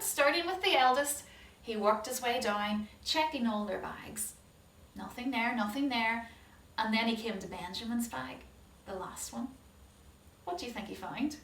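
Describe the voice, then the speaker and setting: Sunday school lady telling a bible story, lively, asks the kids stuff, echoey room far from mic. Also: a little high. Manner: animated, asks listeners questions. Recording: roomy hall, distant mic.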